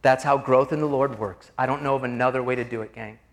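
A man's voice: mid-range voice, steady tone, quick pace. A man preaching a sermon in a conversational, confessional way, calling his listeners "gang" as he moves between personal stories and scripture.

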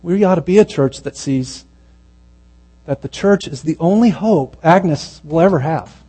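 A man preaching a sermon, telling a story in a conversational way and dropping to a hushed, slow voice at its tender moments. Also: fairly high pitch, husky, poor audio.

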